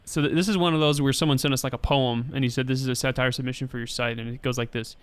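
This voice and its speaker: A man with a smooth, clear voice chats casually as a podcast host. He is wry and laughs often while reading submissions aloud. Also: medium pitch, steady tone, very fast.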